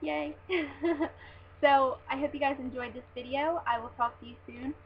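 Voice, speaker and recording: A young woman with a high voice gushes about a book like an excited fan, tripping over her words and filling them with "like." The sound is dull and lo-fi, with a faint hiss underneath, like a home webcam recording. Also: normal speed. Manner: gushing, excitable fan talk with many "like"s and restarts. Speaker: vlogger reviewing a book. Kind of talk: casual book review vlog.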